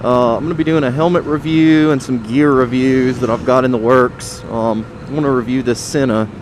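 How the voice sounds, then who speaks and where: A man rambles on from his motorbike, swearing casually and tripping over his words. His voice sits at a middling pitch under a steady wash of wind, engine and traffic noise picked up by a helmet mic. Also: brisk. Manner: rambling, profane, chatty with fillers. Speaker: motovlogger. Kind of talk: casual motovlog chat while riding. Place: on a motorcycle on open roads.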